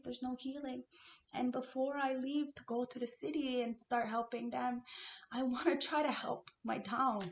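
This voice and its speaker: Fiery swearing woman ranting in an echoey room. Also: on the high side. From Kahnawake, Canada. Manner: fiery, swearing, swings between shouting and whispering. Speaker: vlogger. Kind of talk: emotional spiritual rant to camera. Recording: echoey dull-sounding room with faint hiss.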